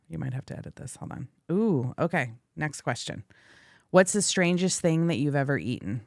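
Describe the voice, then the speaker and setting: A woman's voice: low-pitched, expressive, moderate pace, dry recording, studio quality. A young woman guest-hosting a podcast, asking questions and telling chatty stories. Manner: chatty storyteller, asks questions. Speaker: guest host, interviewer. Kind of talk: casual podcast interview.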